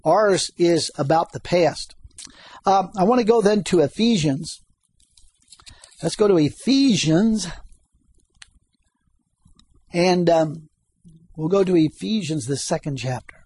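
A man's voice: high voice, lively intonation, slow, long pauses, a little mellow, slightly rough. A man preaching a sermon, reading scripture aloud and asking the congregation questions.

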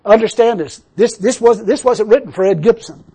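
A man's voice: high voice, brisk, warm tone, breathy edge. An older man preaching a sermon, telling a personal story and then building into emphatic preaching. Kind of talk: sermon testimony.

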